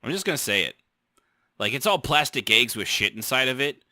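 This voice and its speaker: A man's voice: medium pitch, sing-song, a little fast, pushed and bright, no echo, studio quality. A man hosting a casual podcast chat, joking around, telling stories and laughing often. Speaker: podcast host.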